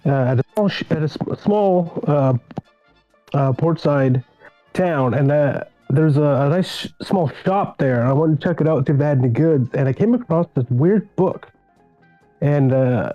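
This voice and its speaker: A man co-hosting a casual podcast, telling a story in a halting, stumbling way. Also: on the high side, dull audio, faint music behind. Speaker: podcast co-host.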